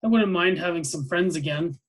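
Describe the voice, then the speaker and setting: A determined, impatient older girl, read aloud by a man in a storybook reading. Her delivery is firm and exasperated, and a little high in pitch. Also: a little fast, close to an everyday voice, low-quality recording.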